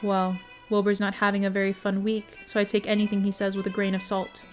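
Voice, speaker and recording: A woman voicing a calm, stoic older male warrior tutor who talks in a slow, dry drawl. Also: medium pitch, soft background music, close to an everyday voice.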